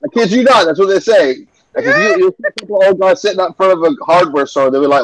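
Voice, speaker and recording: A man's voice: high-pitched, fast talker, a little hiss or hum, rough recording. A man from the American South, joking around in a casual group chat. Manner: joking, animated.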